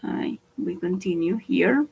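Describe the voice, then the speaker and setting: A woman teaching English vocabulary, repeating each word slowly for pronunciation and switching into to explain. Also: fairly low pitch, animated, gravelly, a little mellow, breathy edge, low-quality recording. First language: Spanish. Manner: slow, repeats words for pronunciation. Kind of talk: bilingual vocabulary lesson.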